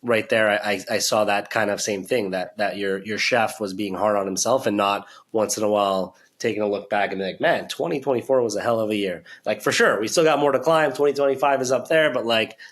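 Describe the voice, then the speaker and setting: A man hosting a podcast, chatting in a relaxed, reflective way with frequent restarts and casual fillers. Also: on the low side, fairly quick, few pauses. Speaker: podcast host. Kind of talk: casual chat.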